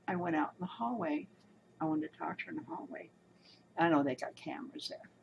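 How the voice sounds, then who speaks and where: A woman's voice: deep voice, gravelly, poor audio. Woman ranting, indignant and emphatic, rambles on, casual talk, faint hiss behind her. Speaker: commentator recounting a hospital experience. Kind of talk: casual spoken commentary.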